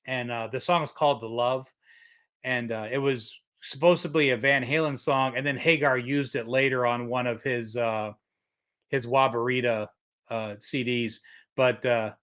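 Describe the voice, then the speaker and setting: A man's voice: medium pitch, moderate pace, fairly bright tone. A middle-aged man from Michigan hosting a casual livestream, rambling through stories and reading chat comments aloud. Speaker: livestream host.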